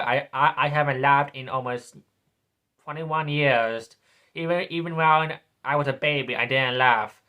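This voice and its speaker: A man's voice: on the high side, fairly even intonation, unhurried, sharp tone. A man in his twenties delivering a sneering, repetitive political rant as a vlogger. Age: 20s. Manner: sneering, ranting, repeats himself.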